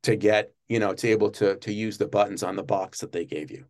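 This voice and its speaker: Male interview guest, low-pitched, casual, stumbling storyteller. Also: fairly even intonation, darkish tone. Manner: halting, many restarts and fillers. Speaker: guest, former studio page.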